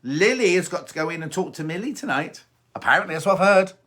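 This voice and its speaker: Fast-talking and animated, a middle-aged man with a high-pitched, slightly bright voice reads viewer comments on his sewing show. He chats about them casually on a live stream, in a gossipy, teasing manner.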